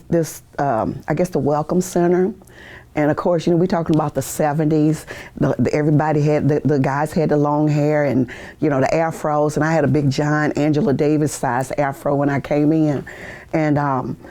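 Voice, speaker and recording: A veteran woman in her sixties from the United States shares stories in an oral history interview at a university media studio. Her voice is low and mellow, her humor easy. She often laughs and acts out the voices of people she quotes.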